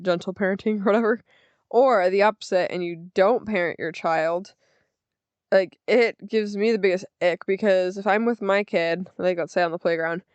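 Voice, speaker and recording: Young woman, podcast host, casual rambling chat, self-deprecating, smooth clear voice, dry slightly muffled close mic. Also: fairly low pitch, dry recording. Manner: chatty, rambling, filler-heavy, self-deprecating.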